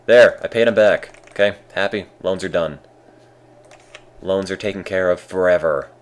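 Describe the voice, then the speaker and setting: A man streaming a game with casual, deadpan, self-mocking commentary. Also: deep voice, normal speed.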